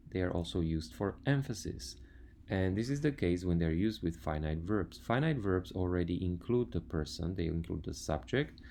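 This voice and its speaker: A man's voice: low voice, vocal fry, warm tone, slight background noise. A man teaching a language lesson, patiently listing words one by one and explaining grammar step by step. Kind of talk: slide lecture on grammar.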